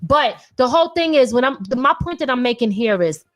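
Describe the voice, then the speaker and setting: A woman's voice: high voice, animated, a little fast, fairly bright tone. A woman in her thirties hosting a podcast, an independent artist talking bluntly and animatedly with lots of profanity. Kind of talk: casual opinionated talk.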